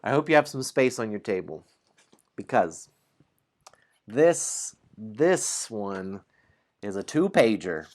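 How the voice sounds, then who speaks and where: A man hosting a solo tabletop game stream, narrating the story slowly and explaining the game sheets. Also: on the low side, sing-song.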